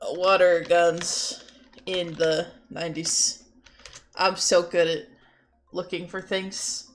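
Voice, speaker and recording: A woman's voice: fairly low pitch, flat delivery, slow pace. A young woman chatting casually while she draws on stream. She giggles and swears freely. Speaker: streamer and artist.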